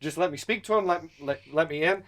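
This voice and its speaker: A man's voice: fairly high pitch, fast, a bit bright, natural voice. A man voicing a panicked young man who stammers and pleads to be let through a gate. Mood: pleading.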